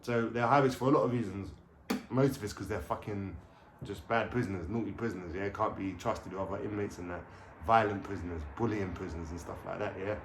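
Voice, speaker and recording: A man's voice: on the low side, fairly quick, noisy background. A man telling stories casually to camera at home, rambling and slangy, swearing freely. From London. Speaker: vlogger. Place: at home, indoors, with a dog. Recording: echoey room.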